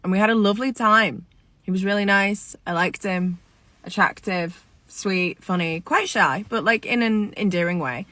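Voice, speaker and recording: A woman's voice: medium pitch, moderate pace, a bit bright, no echo. Woman, dry close sound, sarcastic storyteller, exasperated. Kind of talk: storytime video.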